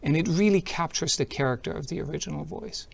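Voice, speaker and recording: A man with a fairly high, gravelly voice talks fast as he gives a product demo at a tech conference. He stays upbeat and explains every step as he shows it.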